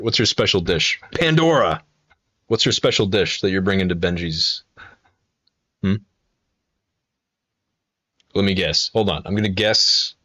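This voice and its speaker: A man's voice: low-pitched, fairly bright tone, no echo, lo-fi sound. A man in his twenties chatting casually on a live stream, telling rambling, profane stories full of fillers and restarts. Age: 20s.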